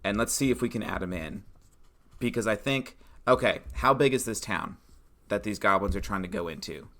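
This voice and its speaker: Bright-voiced man brainstorming a game. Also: fairly low pitch, normal speed. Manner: animated, acts out player reactions, frequent fillers. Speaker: podcast co-host designing a tabletop adventure. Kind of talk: casual brainstorming chat.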